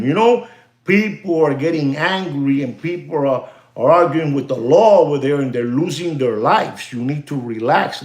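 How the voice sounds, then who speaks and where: A man hosting a watch channel, ranting to his viewers in an animated, repetitive way and slipping into Spanish phrases. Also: fairly high pitch, reverberant. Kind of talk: livestream rant to viewers.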